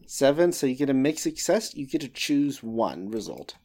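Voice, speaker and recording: A man running a casual tabletop role-playing game as game master, quick to exclaim at big rolls. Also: mid-range voice, very animated. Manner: casual, reacts with loud exclamations.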